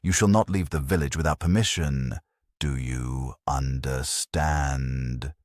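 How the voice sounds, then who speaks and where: A man's voice: extremely low pitch, takes it slowly, darkish tone, dry recording, clean studio sound, pitched below the performer's own voice. A man reading a formal elderly woman translator. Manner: formal, instructing.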